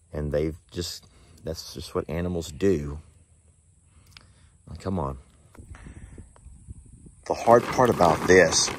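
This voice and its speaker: A man narrating a casual vlog outdoors in a pasture, folksy and chatty, talking to his animals as he goes. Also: very deep voice. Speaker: animal sanctuary owner.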